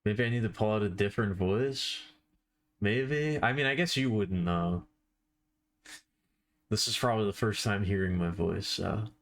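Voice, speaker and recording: A man talks to his live-stream audience while he works on a drawing. His voice sits a little low. He rambles from thought to thought, pokes fun at himself and swears in a relaxed, offhand way. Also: moderate pace, long pauses. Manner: rambling, self-deprecating, swears casually.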